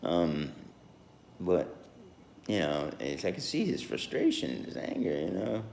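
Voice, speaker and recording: Low-voiced man, rambling solo podcaster, lots of ums and restarts, lively swooping delivery, roomy echo. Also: a little slow, gravelly, slight background noise. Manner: rambling, many fillers and restarts, chuckles.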